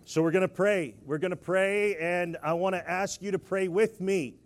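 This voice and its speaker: A man's voice: sits high, fairly even intonation, moderate pace. Playful man preaching to a congregation. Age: middle-aged. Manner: playful, leads the crowd in call-and-response. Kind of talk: lively sermon to a live congregation.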